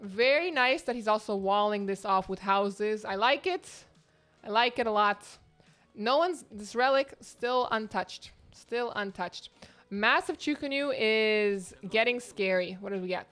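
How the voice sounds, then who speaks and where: Here a tournament host doubles as caster, calling live esports play-by-play from her home beside the internet modem. The woman's medium-pitched voice is smooth and a bit slow, yet her delivery stays excitable and chatty, bouncing between exclamations.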